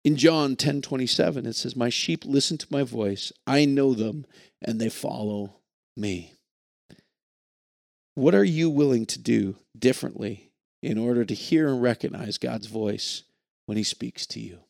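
A man's voice: mid-range voice, a little slow, gravelly, darkish tone, no echo, clean studio sound. A man preaching a sermon in an earnest, reflective way, reading scripture and stumbling over a few words. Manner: earnest, reflective, with occasional restarts. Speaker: pastor.

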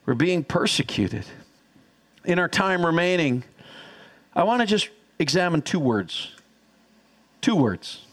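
A man preaching a sermon as pastor, energetic and teaching, calling on the congregation to repeat after him. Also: high-pitched. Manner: energetic, teaching, audience call-and-response.

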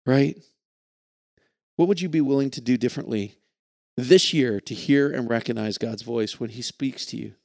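A man's voice: mid-range voice, moderate pace, vocal fry, long pauses, darkish tone, no room sound, clean studio sound. A man preaching a sermon in an earnest, reflective way, reading scripture and stumbling over a few words. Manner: earnest, reflective, with occasional restarts. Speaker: pastor.

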